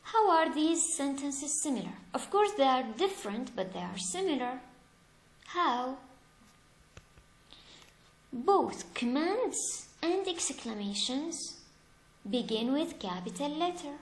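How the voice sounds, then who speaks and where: A woman teaching grammar in a slightly high voice, speaking very slowly and deliberately. She asks her pupils questions and then answers them herself, leaning hard on each example. The room around her echoes. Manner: lively, stresses examples with rising emphasis. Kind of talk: slow, deliberate classroom explanation.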